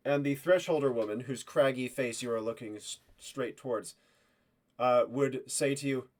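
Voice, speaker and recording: A man's voice: mid-range voice, moderate pace. A man runs a tabletop role-play as game master, in a mid-range voice. His narration is loose and casual, dotted with fillers.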